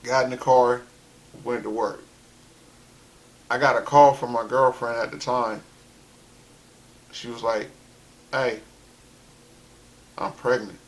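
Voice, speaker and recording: Man, casual storyteller, rambling chatty delivery, filler words, mid-pitched voice. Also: fairly even intonation, a little slow, long pauses. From South Carolina, US. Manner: loose and conversational, heavy on fillers like "you know" and "like". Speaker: rapper telling his life story.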